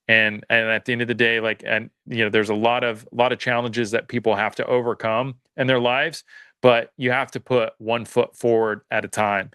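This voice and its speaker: A man's voice: medium pitch, pushed and bright, smooth, dry recording. A man who farms, a podcast guest, speaking in an earnest, motivational way and thinking aloud with many restarts. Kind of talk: casual interview talk.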